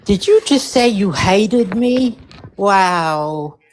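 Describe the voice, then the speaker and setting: A woman's voice: mid-range voice, animated, drawn-out words. A woman on a livestream panel, retelling events animatedly and acting out quotes. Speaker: panel guest. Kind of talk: casual chat.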